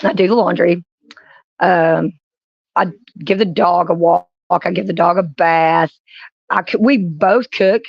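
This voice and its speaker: Low gravelly woman just rambling through stories on a live stream, dry dull lo-fi sound. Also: steady tone, measured pace, long pauses, dry recording. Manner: rambling anecdotes with frequent laughs. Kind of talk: casual live-stream chat.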